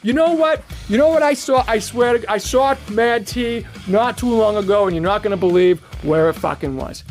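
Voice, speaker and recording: A man's voice: sits high, normal speed, faint music behind. Profane ranting man cutting a wrestling promo. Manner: profane, mocking, shouting rants. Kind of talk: trash-talk wrestling promo.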